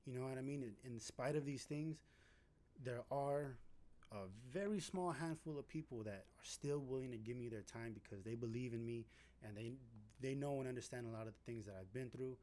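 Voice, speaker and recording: A man in his thirties with a mid-pitched voice speaks earnestly and reflectively. He talks in a measured way, pausing to find his words. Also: dark tone. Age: 30s. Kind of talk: heartfelt reflective talk.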